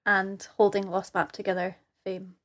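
A woman co-hosting a podcast in casual chat, teasing her partner with quick laughs and playful quips. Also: mid-range voice, flat delivery, fairly bright tone. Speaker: podcast co-host.

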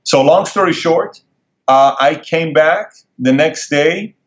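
A man telling a personal story as an interview guest, animated and acting out the people he quotes in a higher voice. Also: slow pace. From Middle East. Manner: animated, acts out quoted dialogue in raised voice. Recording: dull lo-fi sound.

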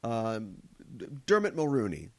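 A man's voice: lowish voice, wildly swooping pitch, measured pace, no room sound. A man from Minnesota co-hosting a podcast, joking and teasing in rambling casual banter. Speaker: podcast co-host.

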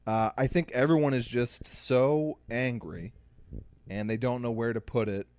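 Young man, podcast co-host, casual chat, animated storyteller, dry close mic. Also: medium pitch, clear, resonant tone, no room sound. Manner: animated storyteller, quick asides.

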